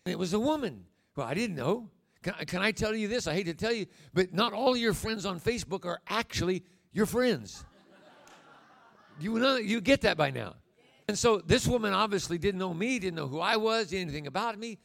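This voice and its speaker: A man in his sixties preaching a sermon, folksy and emphatic, with sudden loud bursts. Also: high-pitched, expressive, moderate pace, gravelly. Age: 60s.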